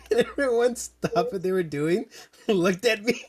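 A young man chatting casually with friends, telling animated stories, laughing and swearing freely. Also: high voice, takes it slowly, breathy edge, no echo.

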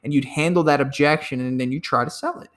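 A man's voice: fairly high pitch, fast talker. Emphatic man coaching sales calls. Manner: emphatic, acts out phone calls; repeats words when excited. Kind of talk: sales training talk.

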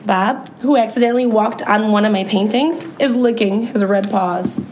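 A woman who teaches third grade, reading a children's book aloud with friendly, expressive commentary. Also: mid-range voice, moderate pace, slight background noise, poor audio.

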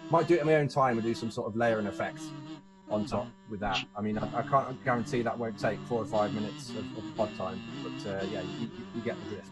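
A man with a fairly low voice chats casually as a podcast co-host. He talks in a halting way, full of ums and restarts. Faint music sits quietly behind him. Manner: hesitant, many fillers and restarts. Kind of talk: casual chat.

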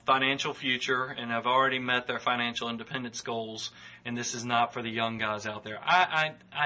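A man's voice: medium pitch, pushed and bright, muffled recording. A man with a Southern US accent, hosting a solo podcast and reading listener emails, earnest and encouraging, with frequent fillers. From Georgia, US. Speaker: podcast host, financial adviser.

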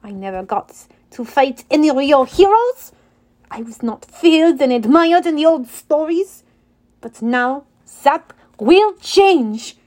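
A woman voicing a gloating male manticore villain with a put-on French accent, sneering and slow. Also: high voice, sing-song, darkish tone, exaggerated voice.

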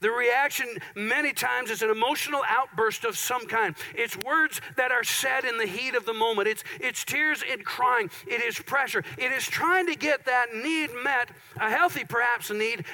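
A pastor preaching a conversational sermon, with playful asides and an Upper Midwest American accent. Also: male voice, very high-pitched, sharp tone, low-quality recording.

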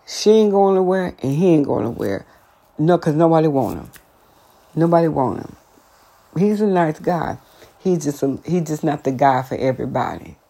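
A woman, telling a workplace story to her viewers in a chatty, sassy, sidetracked way, jumping high for emphasis. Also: sing-song, normal speed, creaky, dark tone. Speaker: vlogger.

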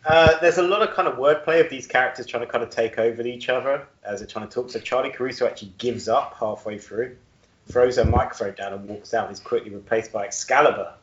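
Fast-talking with a mid-range voice, a man co-hosts a podcast in easy conversation, laughing at his own jokes. The recording sounds roomy and dull.

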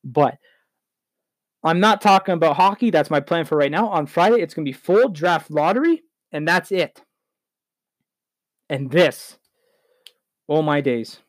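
A man's voice: a little high, expressive, measured pace, long pauses, no room sound. A man hosting a solo sports talk podcast, rambling, heated and correcting himself as he goes.

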